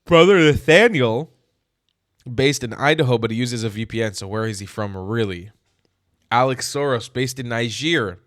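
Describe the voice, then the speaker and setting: A man hosting his channel, reacting to social media posts with animated, incredulous and mocking commentary. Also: medium pitch, moderate pace, no echo, clean studio sound.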